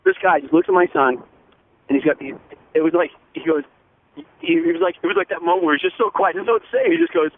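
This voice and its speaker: Fast-talking dad on a phone line. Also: male voice, fairly high pitch, lively intonation. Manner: rushed, earnest, restarts mid-sentence. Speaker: phone-in guest. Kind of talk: eager storytelling. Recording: tinny phone line with faint noise.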